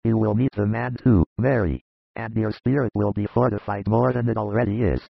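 A man reading a gravelly fatherly old disciple. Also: fairly low pitch, steady tone, normal speed, dry recording, highs cut off. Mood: earnest. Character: older male disciple, fatherly and earnest. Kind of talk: audiobook dramatized reading.

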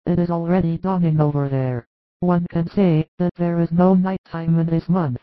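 A woman's voice: on the low side, fairly even intonation, moderate pace, no room sound, close to an everyday voice. A woman reading a tender pleading mother. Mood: gentle. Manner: earnest, pleading. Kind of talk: audiobook dialogue reading. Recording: dry, tinny phone-like sound.

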